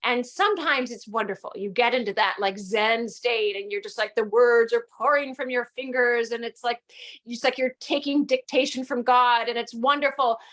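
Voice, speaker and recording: A woman's voice: a little high, moderate pace, fairly bright tone. A middle-aged woman novelist chatting conversationally on a panel. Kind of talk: panel discussion.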